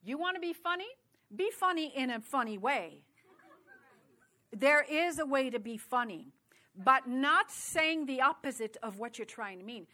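A middle-aged woman preaches in a bright, forceful voice that sits a little high. She talks to the congregation in a chatty way, full of asides. Her sermon sounds loose and personal rather than read from a script. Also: lively intonation, unhurried. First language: French.

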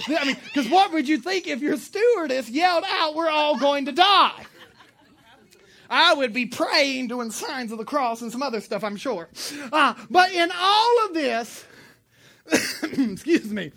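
A woman preaching a sermon in a lively, emphatic way, with joking asides and sudden bursts of loud emphasis. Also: high voice, moderate pace.

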